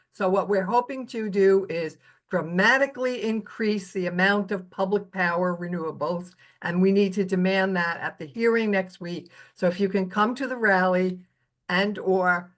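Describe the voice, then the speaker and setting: A woman's voice: medium pitch, fairly bright tone. A woman speaking up at an online union meeting, earnestly urging members to rally and send testimony. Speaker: union activist.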